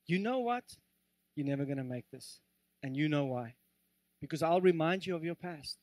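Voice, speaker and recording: A man's voice: fairly high pitch, lively intonation, normal speed, a little mellow, no room sound, lightly acted. A man voicing the devil as a scornful, accusing tempter inside a sermon. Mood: taunting. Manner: sneering, accusatory.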